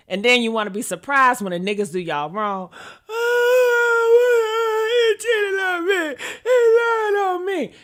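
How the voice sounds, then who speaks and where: High bright-voiced woman spilling celeb gossip, sassy and cussing, aave, slow unhurried delivery. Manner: sassy, profane, dramatic, reads posts aloud and reacts. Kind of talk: casual gossip commentary.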